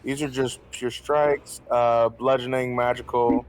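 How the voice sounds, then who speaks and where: A man's voice: medium pitch, flat delivery, a little slow. A man playing a tabletop game, talking offhandedly with hesitant fillers. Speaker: player. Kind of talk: casual game talk.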